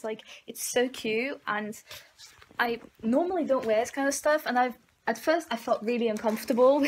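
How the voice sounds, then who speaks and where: Young woman chatting casually for a vlog. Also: on the high side. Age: young adult. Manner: chatty, full of fillers and restarts; soft, near-whispered worried talk. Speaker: vlogger.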